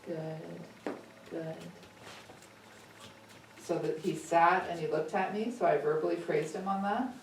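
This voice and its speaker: A woman puppy trainer calmly explaining training exercises to owners. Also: fairly low pitch, brisk. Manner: calm, steady instructive tone. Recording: echoey room, distant mic, faint noise.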